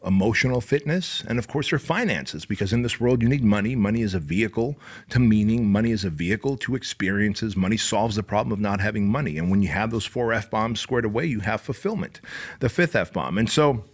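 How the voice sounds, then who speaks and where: A man hosting a podcast, telling a story in an animated way, acting out the dialogue and swearing bluntly. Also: lowish voice, a little fast, breathy edge. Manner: animated, acts out dialogue with raised voice. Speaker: podcast host. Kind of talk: storytelling monologue.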